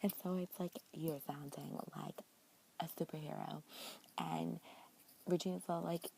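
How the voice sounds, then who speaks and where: A woman recapping a TV episode in a casual vlog, talking fast and slangily as she paraphrases the characters' lines. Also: low-pitched, little pitch movement, creaky, warm tone, slight background noise.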